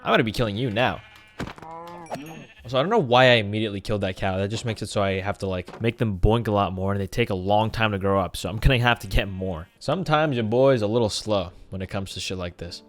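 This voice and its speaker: A man's voice: on the low side, quick pace, faint music behind. A man giving casual, jokey commentary over his gameplay and talking to the animals in the game. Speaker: gaming creator.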